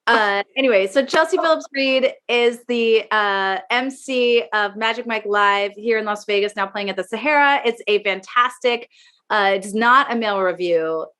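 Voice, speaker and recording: A woman's voice: medium pitch, moderate pace. A middle-aged woman performer chatting as a podcast guest, rambling with plenty of fillers. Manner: rambling, lots of fillers, warm praise. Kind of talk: casual chat.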